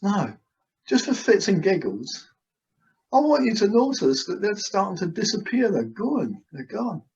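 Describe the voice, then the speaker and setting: Brief: male hypnotist, slightly high voice, soothing repetitive delivery, lo-fi call audio. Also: big pitch swings, a little slow, darkish tone. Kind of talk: guided hypnosis session. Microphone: video call. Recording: dull lo-fi video call audio.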